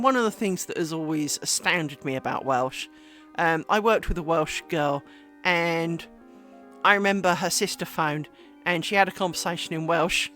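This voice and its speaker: A woman's voice: lowish voice, fairly bright tone. A woman chatting casually on a live stream while she makes lace, rambling and self-deprecating, with lots of fillers.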